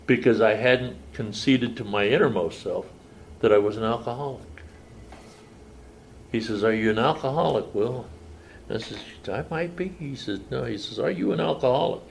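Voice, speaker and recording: An older man telling his recovery story at a meeting, plain-spoken and folksy. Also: mid-range voice. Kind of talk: personal testimony at a meeting. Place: meeting room.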